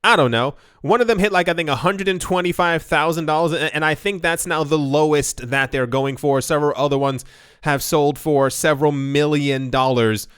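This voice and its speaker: A man's voice: a little high, moderate pace, a bit bright, clear, resonant tone, no room sound, studio quality. A man hosting a casual crypto news video, rambling into asides and self-deprecating jokes.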